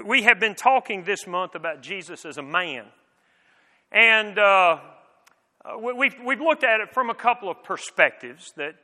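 A man's voice: sits high, bright, forceful tone. A man preaching a sermon in an earnest, conversational way, with frequent restarts and rhetorical questions. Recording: long reverb of a large hall.

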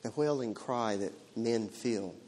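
A man preaching a sermon in a dramatic way, swinging from loud to hushed. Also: lowish voice, unhurried, a little hiss or hum. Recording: long hall reverb.

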